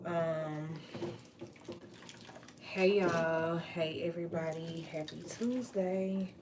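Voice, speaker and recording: Woman, low voice, casual livestream chat, easygoing home kitchen feel. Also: darkish tone, a little hiss or hum. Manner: chatty, playful, drawn-out words, Southern US slang. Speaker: vlogger.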